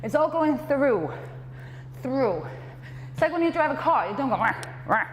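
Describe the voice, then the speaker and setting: A high-voiced woman leads a workout class, cueing each move and encouraging everyone. She is out of breath, speaking between exercises in a reverberant hall with a faint hum of ambience behind her. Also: big pitch swings, moderate pace. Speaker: fitness trainer.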